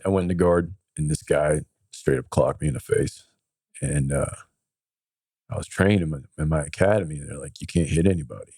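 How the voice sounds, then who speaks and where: A man's voice: low-pitched, creaky, mellow, breathy edge, no echo. A man as a podcast guest, casually telling a story in a laid-back way and acting out what others said. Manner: laid-back, acts out others' lines in quotes.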